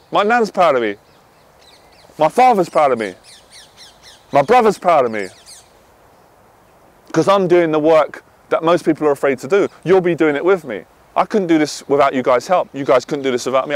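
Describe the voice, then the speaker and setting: Intense dating coach, slightly high voice, loud then hushed. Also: male voice. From half Irish. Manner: intense, swears, swings from loud to quiet. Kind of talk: passionate monologue to camera.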